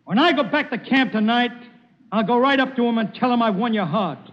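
An eager, giggly young soldier, played by a man in a 1940s radio comedy, full of brash wisecracks. His voice is very high and bounces up and down. The recording is dull and old, with hall reverb and steady hiss. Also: a little fast, heavily acted. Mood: romantic.

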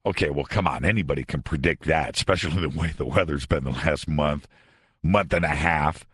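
A man's voice: a bass voice, fairly quick, fairly bright tone, breathy edge, dry recording. A man hosting a late-night radio talk show, delivering a sarcastic, conversational monologue from a studio.

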